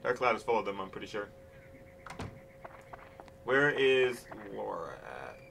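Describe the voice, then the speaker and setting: A man's voice: lowish voice, very animated, measured pace, gravelly, low-quality recording. A man hosting his gaming channel, giving casual commentary as he plays, grumbling impatiently and swearing often. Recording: game music playing under the voice. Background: video game music.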